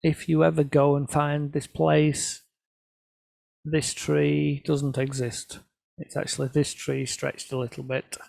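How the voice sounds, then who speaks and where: A man's voice: a little high, completely flat delivery, takes it slowly, gravelly, darkish tone, dry recording. A middle-aged man, telling self-deprecating stories about his photographs to an audience. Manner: storytelling, self-deprecating, quoting others in voices. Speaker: photographer presenting his work. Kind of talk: casual anecdotal talk to an audience.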